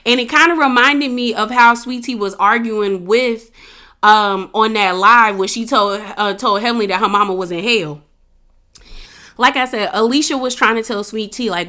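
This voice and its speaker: A woman casually recapping a reality show episode, chatty and opinionated, with slangy, animated retelling. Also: on the high side, normal speed.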